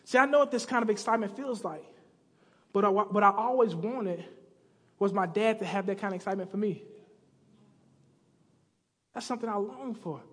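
Man, preacher, high voice, storytelling sermon, animated character voices, long hall echo. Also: normal speed, long pauses. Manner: acts out characters with slang voices. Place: church sanctuary.

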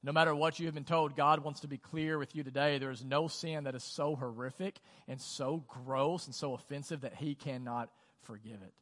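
A man's voice: mid-range voice, fairly even intonation, moderate pace, hardly any pauses, fairly bright tone. A male pastor delivering a sermon in a conversational style, often saying "like" and putting questions to the congregation. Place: church auditorium. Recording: long church hall reverb.

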